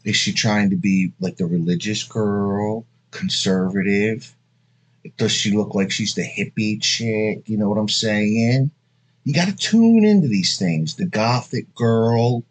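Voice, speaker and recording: A man's voice: on the low side, unhurried. A man in his thirties giving blunt, crude dating advice in a rambling, casual monologue full of asides. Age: 30s.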